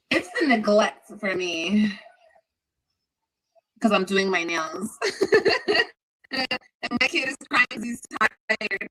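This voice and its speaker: Mom on a livestream being sarcastic at viewers, bright kinda husky voice. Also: female voice, medium pitch, lively intonation, slow, pauses often, poor audio. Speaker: mother livestreaming. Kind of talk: casual livestream chat.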